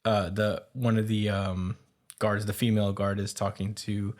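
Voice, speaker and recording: Man, podcast host, low voice, casual recap, lots of uhs, chuckling. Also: little pitch movement, a little mellow. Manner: halting, many fillers, chuckles.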